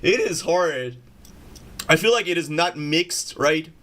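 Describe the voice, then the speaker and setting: A man's voice: a little high, animated, slow, a bit bright, a little hiss or hum. A man chatting casually on a music production livestream, slangy and swearing, calling everyone bro. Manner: slangy, swears freely, says "bro" a lot.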